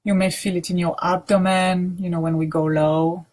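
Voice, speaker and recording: A woman teacher leading a guided grounding practice, speaking softly with many pauses and restarts. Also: lowish voice, little pitch movement. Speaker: meditation teacher.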